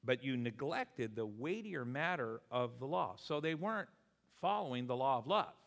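A man's voice: medium pitch, moderate pace, vocal fry. A man preaches to his congregation, moving easily between scripture and personal stories and acting out the people in them. His voice sits in the middle range and carries the long reverb of a church hall. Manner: animated storytelling preacher, voices people in anecdotes. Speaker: pastor. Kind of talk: sermon. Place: church sanctuary.

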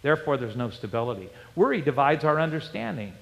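Preacher in a reverberant hall. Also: male voice, medium pitch, quick pace, vocal fry. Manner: animated storytelling preacher, rhetorical questions. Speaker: pastor. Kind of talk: sermon.

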